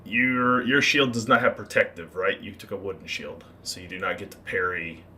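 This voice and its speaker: A man acting as game master, narrating a tabletop game and explaining rules with relaxed fillers. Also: low voice, moderate pace, a little hiss or hum.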